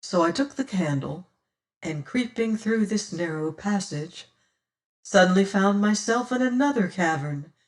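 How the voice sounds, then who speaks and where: A woman reading an old adventure novel aloud in measured storytelling narration. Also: medium pitch, expressive, far from the mic. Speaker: audiobook reader. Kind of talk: scripted narration.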